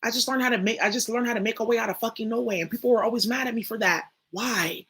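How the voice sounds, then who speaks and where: A woman's voice: a little high, quick pace, fairly bright tone, breathy edge. A young woman, talking straight to her viewers in a blunt, profane, emphatic monologue. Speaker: spiritual reader and channel host. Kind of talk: casual spoken monologue.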